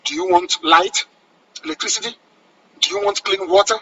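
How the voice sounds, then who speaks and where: A man's voice: very high-pitched, sing-song, normal speed, creaky, pushed and bright, husky, muffled recording. A man with a Nigerian accent giving an impassioned radio address, commanding and fervent, repeating phrases for emphasis. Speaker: radio broadcaster.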